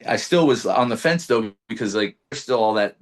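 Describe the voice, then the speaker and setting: A man, a podcast guest, telling a personal story in casual chat. He is animated, swears freely and acts out his own past lines. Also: lowish voice, moderate pace.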